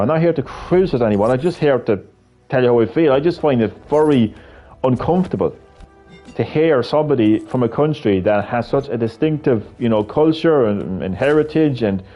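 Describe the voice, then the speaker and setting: A man's voice: mid-range voice, mellow, lo-fi sound. An Irish man giving a casual, rambling opinion monologue full of fillers and swearing. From Ireland. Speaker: video creator.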